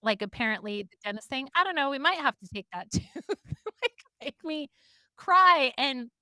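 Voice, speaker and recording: A woman's voice: high-pitched, expressive, moderate pace, bright, forceful tone, no echo, studio quality. A woman co-hosting a podcast, telling stories in casual chat and laughing often. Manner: chatty storyteller, laughs often. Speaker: podcast co-host.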